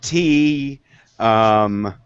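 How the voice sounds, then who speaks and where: A man's voice: fairly low pitch, extremely slow, smooth, no echo. A man chatting casually on a web show, hesitant and full of fillers, over dull web call audio.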